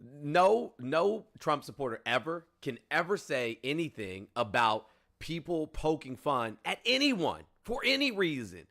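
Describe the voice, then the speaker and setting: Brief: male call-in host, higher pitch, very bright and forceful tone, blunt and profane. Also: big pitch swings, measured pace, creaky. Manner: blunt and profane, with frequent fillers. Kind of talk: casual political chat.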